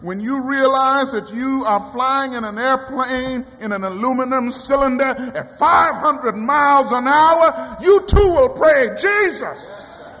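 High bright-voiced preacher in a reverberant hall. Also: male voice, unhurried, hardly any pauses. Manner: dramatic rising cries and quiet drops. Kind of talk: sermon. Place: church.

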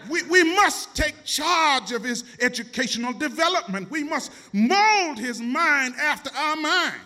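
A preacher voicing an eager, scheming temple teacher who talks insistently, almost shouting. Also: male voice, very high voice, slow pace, voice pushed up, exaggerated voice. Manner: excited, insistent, near shouting.

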